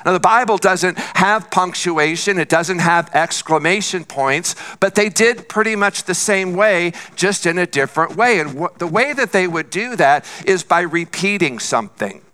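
A man's voice: high-pitched, animated, normal speed, few pauses, bright, forceful tone. A man preaching a sermon as pastor, earnest and repeating phrases for emphasis.

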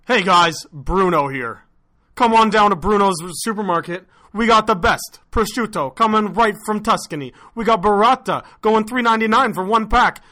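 A man playing Bruno, a loud pushy grocer. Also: expressive, normal speed. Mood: hyped pitch. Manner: booming salesman pitch, shaky accent.

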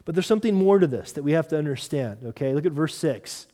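A male pastor preaching a sermon in an earnest manner, repeating key phrases and dropping to soft emphasis. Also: on the high side, fast talker, few pauses, long reverb tail.

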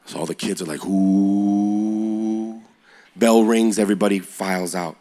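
Fired-up male preacher telling stories. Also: sits low. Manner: energetic, builds to loud excited peaks; slow and quiet when praying. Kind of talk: sermon storytelling.

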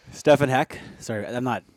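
A tired man co-hosting a casual sports podcast. He talks in a low-energy way and often lets his sentences trail off. His voice is mid-pitched, and the recording is close and dry. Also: big pitch swings, unhurried, a little mellow, no room sound. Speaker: podcast co-host. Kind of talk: casual chat.

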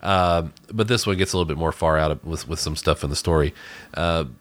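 A man with a very low, deep voice talks through a movie in a loose, casual review. He rambles, restarting his sentences often and filling gaps with ums and uhs. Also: a little fast. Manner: rambling, with many restarts and fillers. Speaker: podcast co-host reviewing a movie.

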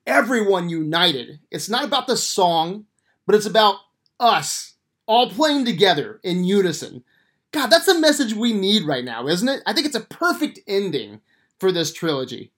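Casual, profane movie podcast guy. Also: high voice. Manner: profane, enthusiastic, rambling with fillers. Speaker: podcast host.

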